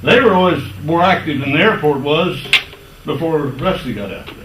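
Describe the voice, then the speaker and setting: A man's voice: on the high side, moderate pace. A man in his eighties giving a rambling, folksy public comment at a county board meeting, restarting his sentences as he goes. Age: 80s. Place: meeting room. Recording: echoey room, distant mic, noisy.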